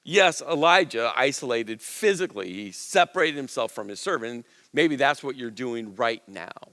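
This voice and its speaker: A man preaching a sermon in an earnest, conversational way, dropping to soft low asides and rising for emphasis. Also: expressive, moderate pace, in a large hall. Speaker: pastor.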